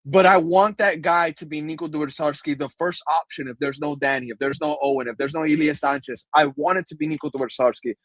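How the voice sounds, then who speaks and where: A man's voice: on the high side, fairly even intonation, fast talker, hardly any pauses, dry recording, rough recording. A man co-hosting a soccer podcast, emphatic and fired-up, often calling his co-host brother. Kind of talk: passionate soccer podcast commentary.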